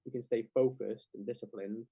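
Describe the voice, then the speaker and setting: A man's voice: mid-range voice, fairly even intonation, fairly quick, mellow, husky, no echo, poor audio. A young man, chatting casually as a podcast guest and scattering "like" through his sentences. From England. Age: young adult. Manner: rambling, heavy with "like" fillers. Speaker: clothing brand founder, guest.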